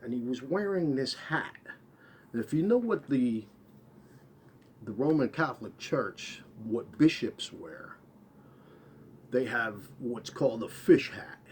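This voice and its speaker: A man telling a first-person story, rambling, repeating and correcting himself, his voice trailing off quietly at the end of phrases. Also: medium pitch, lively intonation, takes it slowly, pauses often, a little hiss or hum.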